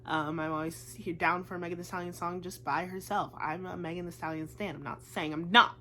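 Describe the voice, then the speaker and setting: A woman's voice: fairly low pitch, steady tone, a little fast, bright, forceful tone, slight background noise. A young woman gushing about a musical in a casual vlog, chatty and full of "like". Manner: chatty and gushing, says "like" a lot. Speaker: vlogger.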